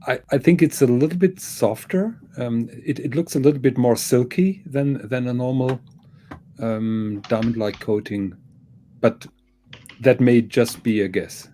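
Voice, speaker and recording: A man's voice: medium pitch, dark tone. A man in a live watch chat, teasing and a bit hesitant as he talks.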